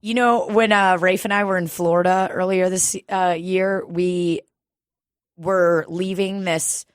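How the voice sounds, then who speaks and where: A woman co-hosting a casual podcast, telling profane, lively stories and acting out the voices of the people in them. Her voice sits somewhat low for a woman. It is recorded close and dry, with almost no room sound. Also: a little slow, clean tone, no room sound. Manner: profane, animated storytelling with acted-out quotes. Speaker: podcast co-host. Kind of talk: casual chat.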